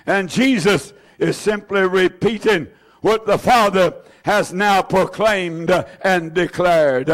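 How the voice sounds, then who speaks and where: A male preacher with a high voice delivers a sermon at an unhurried pace. He repeats key phrases for weight, and his emphasis builds until he shouts at the peaks.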